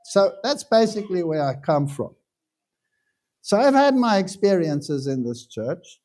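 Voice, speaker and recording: A pastor giving a sermon in a casual, conversational way, telling stories with self-deprecating humor. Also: male voice, sits high, big pitch swings, measured pace, darkish tone. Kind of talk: anecdotal sermon talk.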